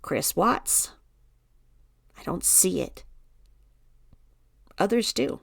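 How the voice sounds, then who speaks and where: A woman's voice: expressive, drawn-out words, gravelly, dry recording, clean studio sound. A woman hosting a casual true-crime live stream, reading viewer comments aloud and answering bluntly, sometimes swearing and dropping to a mutter. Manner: often drops to a low mutter while reading the screen. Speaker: true-crime video host.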